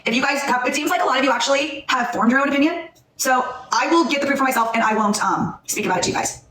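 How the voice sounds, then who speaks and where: A woman's voice: sits high, fast, fairly bright tone, reverberant, distant mic. A woman hosting a heated livestream, angry and upset, blunt and repeating herself for emphasis. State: upset and shaking. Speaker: livestream host.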